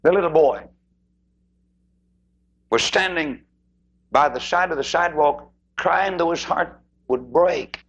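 A man preaching an impassioned sermon, swinging his voice high and low and acting out the people in his stories. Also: slow pace, long pauses, slightly rough, lo-fi sound.

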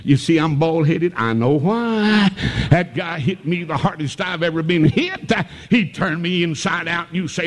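An older man from the North Carolina mountains preaches a revival sermon in an Appalachian accent, his folksy stories building into shouted praise. His voice is fairly high and expressive, at a moderate pace.

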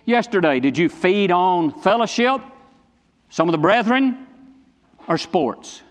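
A high-pitched male pastor delivers a sermon with emphatic, repeated phrases and pointed questions to the congregation. His voice rings out in a large church sanctuary, trailing a long reverb. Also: lively intonation, slow pace. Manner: emphatic, repetitive preaching with direct questions.

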